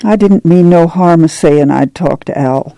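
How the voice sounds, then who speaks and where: A woman voicing a weathered, calm and wise farm mother with a soothing drawl. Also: on the low side, unhurried, dry recording, low-quality recording.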